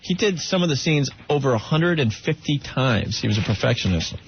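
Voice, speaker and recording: A man's voice: mid-range voice, animated, brisk, slight background noise. A man co-hosting a radio show, casually chatting and prompting the conversation. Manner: easygoing, prompting, laughs along. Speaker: radio host. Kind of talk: casual talk-radio chat. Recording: muffled radio broadcast.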